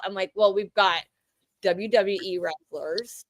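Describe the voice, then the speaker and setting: Casting: woman in her thirties, rambling livestream co-host, chatty, fond of quoted asides, mid-pitched voice. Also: measured pace, no room sound. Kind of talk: casual chat.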